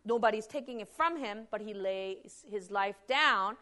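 In a mid-range voice at a measured pace, a woman preaches from the Bible. She asks rhetorical questions, answers them herself, and moves between hushed passages and loud emphasis.

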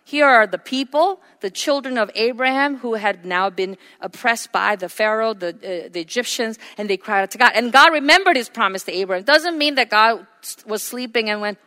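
A woman's voice: on the high side, lively intonation, normal speed, hardly any pauses, bright, forceful tone. Woman preaching in a reverberant hall. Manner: earnest, emphatic, with frequent fillers. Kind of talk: sermon.

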